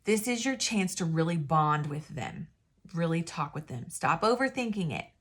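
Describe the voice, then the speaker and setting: Lady rambling thru sales tips, kinda low voice, keeps stopping mid thought. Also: sing-song, normal speed. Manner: rambling, chatty, self-interrupting. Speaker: independent sales consultant. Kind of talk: casual talking-to-camera advice.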